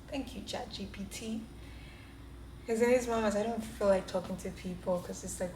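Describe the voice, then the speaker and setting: In a casual apartment vlog, a young woman speaks at normal speed in a mid-range, darkish voice, laughing often as she talks candidly and reflects on herself. A little hiss or hum sits under the audio, which echoes off the roomy indoor space.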